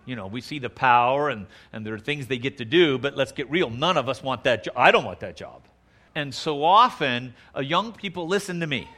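A man's voice: fairly high pitch, sharp tone. A man preaching a Bible sermon in a folksy, conversational way, saying y'all and acting out quoted speakers in a raised voice.

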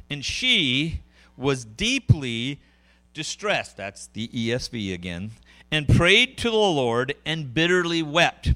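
A middle-aged man preaching a sermon, conversational and animated, with frequent asides to the congregation. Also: fairly high pitch. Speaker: pastor.

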